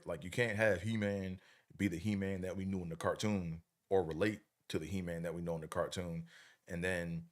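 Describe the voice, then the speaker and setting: A middle-aged man hosting a livestream, chatting casually in a laid-back, rambling, slangy way and often checking in with the listener. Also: low voice. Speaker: livestream host.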